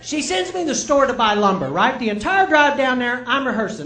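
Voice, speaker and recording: A man's voice: very high-pitched, expressive, fast talker, hardly any pauses, fairly bright tone. Man, middle-aged, stand-up comic, self-mocking storyteller, roomy live club sound. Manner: chatty, self-mocking, asks the crowd "right?". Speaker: stand-up comedian. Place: comedy club stage with live audience.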